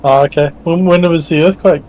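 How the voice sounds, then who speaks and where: A man's voice: fairly high pitch, fairly even intonation, brisk, a little mellow, a little hiss or hum, low-quality recording. A man chatting in a friendly way with gaming friends, rambling with lots of fillers. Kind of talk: casual chat while gaming.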